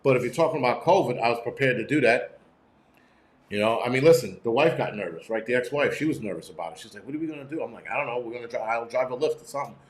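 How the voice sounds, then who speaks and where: A man's voice: medium pitch, fast, echoey room. Blunt, profane New man ranting. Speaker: prepping channel host. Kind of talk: casual livestream rant. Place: room at home.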